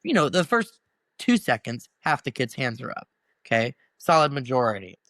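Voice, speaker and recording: A man's voice: mid-range voice, moderate pace, no room sound. A young man in his twenties, a first-year middle school band teacher, telling stories in a casual interview and acting out the voices he quotes. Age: 20s. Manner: animated storyteller who acts out quoted voices.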